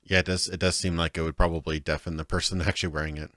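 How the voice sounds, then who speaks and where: A man's voice: sits low, little pitch movement, very fast, a bit bright, dry recording, studio quality. A man livestreaming a video game, thinking aloud and chuckling, sometimes unsure what to do next. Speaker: streamer. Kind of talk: livestream gameplay commentary.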